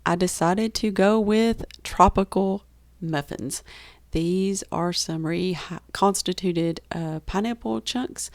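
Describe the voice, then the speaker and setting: Woman, rural Southern US accent, gravelly fry, lowish voice, chatty vlog narration, dry close mic. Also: no echo. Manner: chatty and enthusiastic, laughs easily. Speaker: homestead baking vlogger. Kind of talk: casual voice-over narration.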